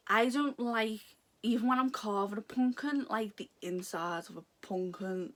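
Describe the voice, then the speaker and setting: A woman's voice: medium pitch, normal speed, creaky. A young woman chatting casually through an unboxing, giggly and gushing, rambling off topic. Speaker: vlogger unboxing a subscription box. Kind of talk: casual chat.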